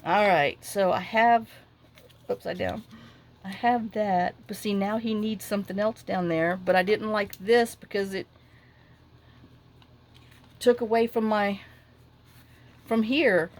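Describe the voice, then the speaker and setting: A middle-aged woman, chatting casually as she crafts at her desk at home and rambling through a lively story with lots of asides. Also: mid-range voice, takes it slowly, pauses often. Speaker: crafting vlogger.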